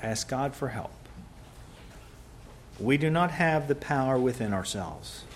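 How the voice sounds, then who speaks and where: A man preaching a sermon, rising to loud emphatic peaks and dropping to quiet, soft passages. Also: medium pitch, lively intonation, a little slow, a little hiss or hum.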